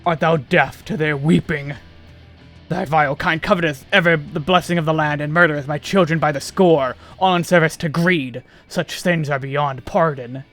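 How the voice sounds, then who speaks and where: A man's voice: a little high, steady tone, moderate pace, fairly bright tone, faint music behind, voice pushed down, lightly acted. A man doing a wrathful ancient earth god. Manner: solemn archaic declaiming.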